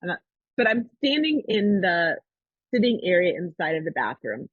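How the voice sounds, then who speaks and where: A woman's voice: on the low side, normal speed, husky, no room sound, phone-quality sound. A woman hosting a podcast, telling a personal story in casual chat and acting out the voices of the people in it. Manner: animated storytelling, acts out quoted voices. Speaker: podcast host.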